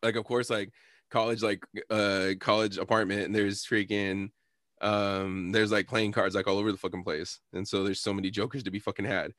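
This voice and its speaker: A young man with a lowish voice tells pranks stories in relaxed, loose chat. He laughs often and swears casually. The sound is dry and close. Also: moderate pace, no echo. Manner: laid-back, laughing, swearing.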